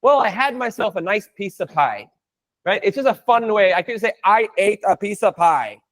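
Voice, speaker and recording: A man's voice: high-pitched, animated, normal speed. A man teaching a live online Spanish class, playful and chatty, breaking down jokes and phrases for his students.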